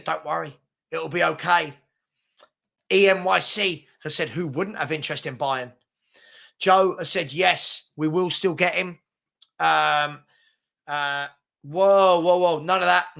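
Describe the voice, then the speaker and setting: A man hosting a live stream, chatting casually and reading viewer comments with an excitable, filler-heavy manner. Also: on the high side, vocal fry. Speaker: livestream host reading chat.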